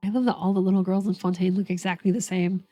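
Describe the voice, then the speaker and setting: A woman's voice: fairly low pitch, little pitch movement, fast, dark tone, soft background music. A woman streamer giving wry, casual commentary while playing a game.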